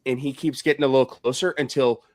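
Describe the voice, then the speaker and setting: Male podcast co-host, loose and profane, quick laughs, dry close sound. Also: medium pitch, fairly even intonation, darkish tone, no room sound. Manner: laughing, swearing, openly annoyed rant. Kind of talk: casual chat.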